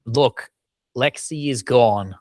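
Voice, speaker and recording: A man's voice: mid-range voice, slow pace, no room sound. Man, casual podcast chat, laughs often, dry booth sound. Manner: animated, swears for emphasis, laughs often. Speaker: podcast co-host.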